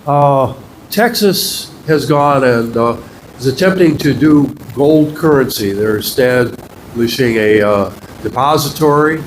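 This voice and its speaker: Man from Michigan, audience member, hesitant and halting, mid-pitched, faint ambience. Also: slight background noise, rough recording. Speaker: audience member asking a question.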